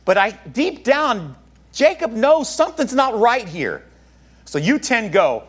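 A man's voice: very high voice, sing-song, measured pace. A man pastor preaching a sermon, talking to his congregation in a conversational way with joking asides.

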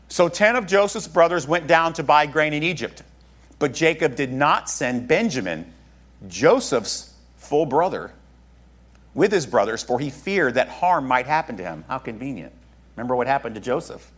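A man's voice: on the high side, sing-song, normal speed, a bit bright. A man pastor preaching a sermon, talking to his congregation in a conversational way with joking asides.

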